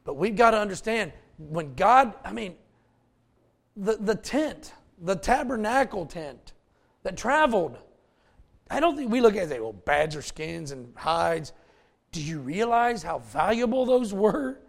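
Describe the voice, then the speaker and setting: A male pastor preaching a folksy, animated sermon with asides to the congregation. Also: high voice, unhurried, vocal fry.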